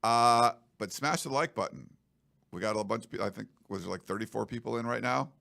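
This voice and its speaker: A man's voice: fairly low pitch, a little fast, creaky, sharp tone. A man hosting a studio podcast, chatting in a loose, rambling, joking way. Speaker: podcast host. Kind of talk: casual chat.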